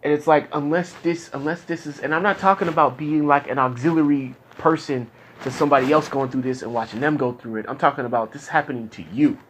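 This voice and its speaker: A young man speaking as a client in therapy, frustrated and rambling, with frequent halting restarts. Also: on the high side, steady tone, fairly bright tone, a little hiss or hum. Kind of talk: candid casual talk.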